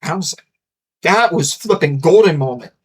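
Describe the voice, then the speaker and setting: Young man, casual vlog host, rambling, enthusiastic, acts out dialogue, slightly high voice. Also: animated, normal speed, husky. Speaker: channel host. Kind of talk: casual talking-head vlog.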